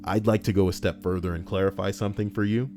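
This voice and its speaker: A man's voice: deep voice, fairly even intonation, fast talker. A man reading internet stories aloud with casual, profane commentary, ranting and laughing at his own jokes. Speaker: reddit story reader. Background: faint background music.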